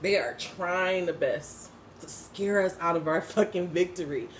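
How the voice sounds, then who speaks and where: A woman's voice: lowish voice, a little slow, echoey room, a little hiss or hum. A woman speaking who gives a casual inspirational talk, emphatic and slangy, swearing freely and laughing often. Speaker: spiritual vlogger and host.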